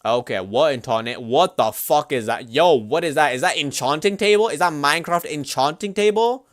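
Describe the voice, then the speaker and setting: A man streaming live at his computer, chatting casually in an excitable, slangy, swear-heavy way. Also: on the high side, moderate pace, no echo.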